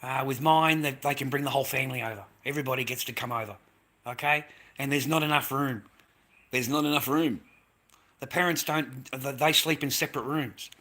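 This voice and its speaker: A man's voice: medium pitch, fairly even intonation, fairly quick, sharp tone. A middle-aged Australian man in a rambling live-stream monologue, bitter and profane, who keeps repeating himself. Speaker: livestreamer.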